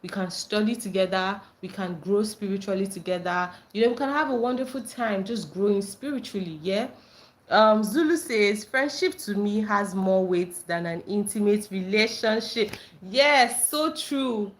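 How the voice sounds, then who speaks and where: A woman's voice: medium pitch, normal speed. A woman hosting a casual livestream, reading viewer comments aloud and reacting with frequent laughter and squealed greetings. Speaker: livestream host.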